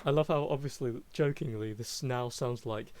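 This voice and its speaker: A man running a tabletop game in casual voice chat, relaxed and laughing along. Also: medium pitch, moderate pace, a little hiss or hum. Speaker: game master.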